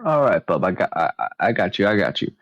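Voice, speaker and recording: A gruff city guard, talking down with knowing familiarity, as a man puts him on. The voice swings lively up and down. The sound is dry and a little dull, like lo-fi stream audio. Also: sits low, quick pace, no room sound, heavily acted. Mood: conspiratorial. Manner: slangy, knowing, talks down. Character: gruff male city guard in a blue coat, street-wise.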